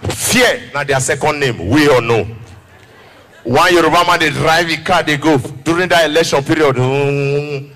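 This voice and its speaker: A man with a Nigerian accent doing animated stand-up comedy, shouting and singing as he acts out people. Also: on the high side, moderate pace, long reverb tail. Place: large live comedy venue. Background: loud crowd and music.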